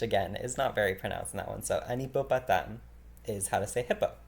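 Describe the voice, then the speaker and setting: A man teaching a beginner vocabulary lesson, explaining casually with fillers and repeating each word slowly. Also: mid-range voice. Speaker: French teacher.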